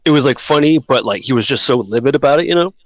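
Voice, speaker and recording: A man's voice: medium pitch, expressive, fast, dry recording, lo-fi sound. A man joins a casual chat with a mid-range voice. He jokes, swears and laughs easily. The recording is close and dry. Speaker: podcast co-host.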